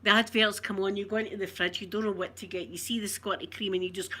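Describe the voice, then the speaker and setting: A woman's voice: mid-range voice, fairly even intonation, fast talker, bright, forceful tone. Chatty Glaswegian woman, giggly. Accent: Glaswegian Scottish. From Scotland. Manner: chatty, giggly, broad and playful. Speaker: ASMR channel host chatting with viewers. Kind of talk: casual chat.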